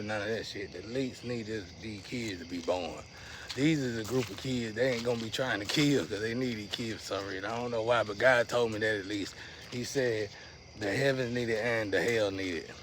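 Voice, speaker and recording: A man's voice: lowish voice, slight background noise. A man giving a casual, rambling monologue to his viewers in loose slang. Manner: rambling, slangy, restless swings in loudness. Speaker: vlogger.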